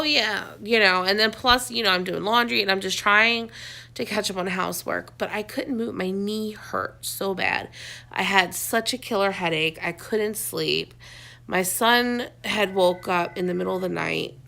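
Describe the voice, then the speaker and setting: A woman's voice: medium pitch, vocal fry, pushed and bright. A woman in her thirties chatting casually and venting, recorded at home in a dim room. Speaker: vlogger. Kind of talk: casual chat.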